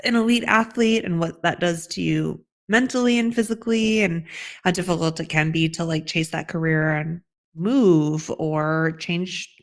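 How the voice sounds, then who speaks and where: A woman's voice: fairly low pitch, normal speed. A woman co-hosting a podcast in casual chat, upbeat and chatty, with frequent fillers. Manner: upbeat and chatty, often says 'like'. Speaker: podcast co-host.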